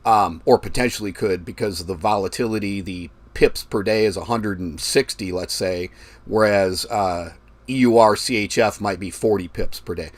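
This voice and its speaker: A man's voice: fairly low pitch, moderate pace. Casual man projecting into a close mic. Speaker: forex trading livestream host. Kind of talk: casual live-stream talk. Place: traveling, recording himself. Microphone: mic held very close to mouth.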